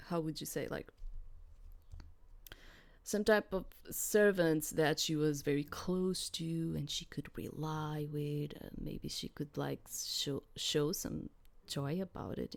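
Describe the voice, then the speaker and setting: A woman's voice: low voice, creaky. A woman reading a visual novel aloud and thinking through her choices in hesitant asides. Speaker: game player.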